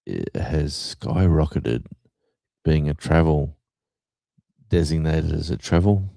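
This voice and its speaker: A man's voice: very deep voice, takes it slowly, gravelly, dark tone, no room sound. A middle-aged man hosting a livestream, chatting casually and rambling with lots of fillers. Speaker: livestream host.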